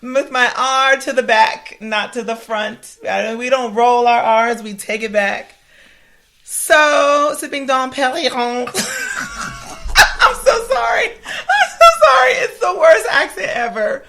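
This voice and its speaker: On a laid-back chat podcast, a thirtysomething female co-host spins a lively story punctuated by frequent laughter. She speaks a little high, at a measured pace.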